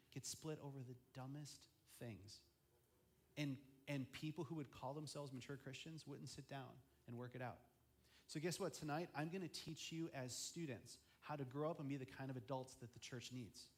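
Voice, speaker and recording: A young man preaching as a student ministry pastor, chatty, often acting out quoted voices. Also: fairly high pitch. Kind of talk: youth sermon.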